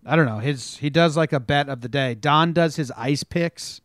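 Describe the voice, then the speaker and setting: A man's voice: fairly high pitch, normal speed, no room sound, studio quality. A man co-hosting a casual sports chat, telling stories and acting out locker-room quotes with lots of swearing. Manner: animated storyteller, acts out quotes with profanity. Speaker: podcast co-host.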